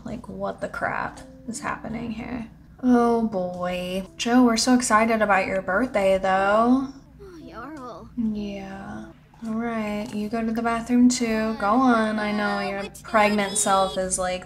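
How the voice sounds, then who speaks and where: Young woman host, unhurried game commentary, bossy with her characters, faint hum. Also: medium pitch, steady tone. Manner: chatty, bossing her game characters around. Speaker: gaming channel host. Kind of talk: casual gameplay commentary.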